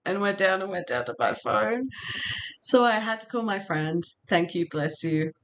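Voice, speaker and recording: A woman's voice: mid-range voice, animated, normal speed, slight background noise. A middle-aged woman vlogger telling a story to camera in a casual, chatty way, often laughing.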